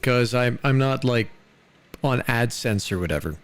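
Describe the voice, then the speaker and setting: A man's voice: mid-range voice, expressive, measured pace, smooth, soft background music. An American man chatting casually on a live stream, loose and rambling, full of "dude" and "like".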